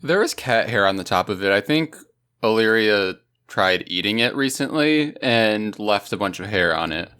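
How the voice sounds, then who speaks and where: A man co-hosting a casual gaming podcast, replying in a mild, low-key way. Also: lively intonation, moderate pace, sharp tone, smooth. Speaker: podcast co-host. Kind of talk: casual chat.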